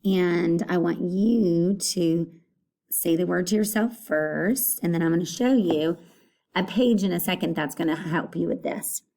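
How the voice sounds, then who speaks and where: A woman teacher giving a recorded phonics lesson, patient and repeating each word clearly. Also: fairly low pitch, unhurried, dark tone.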